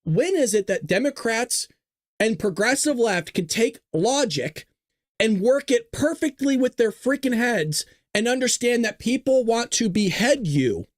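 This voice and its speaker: Speaking a little slowly in a very high, sing-song voice, a man rants heatedly and profanely on his political livestream show. He swears a lot, fired up, from a small closet with a dry recording.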